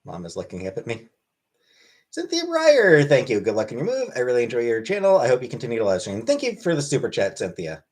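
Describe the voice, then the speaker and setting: A man chatting on a casual livestream, answering viewers' questions one by one. His delivery is dry and deadpan, but his pitch moves around a lot. He sounds offhand and wry. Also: very fast. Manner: deadpan, wry, reads chat aloud. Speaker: livestream host.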